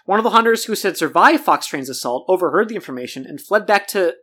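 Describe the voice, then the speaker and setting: A man hosting a comedic podcast, breezily recapping a story in a playful way. He talks fast, with a bright, forward tone. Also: sits high, animated, slightly rough.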